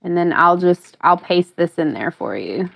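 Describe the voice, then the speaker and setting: A woman's voice: lowish voice, lively intonation, moderate pace, vocal fry. Chatty woman on a dull mic. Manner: chatty, hesitant fillers. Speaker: podcast co-host. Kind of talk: casual stream chat.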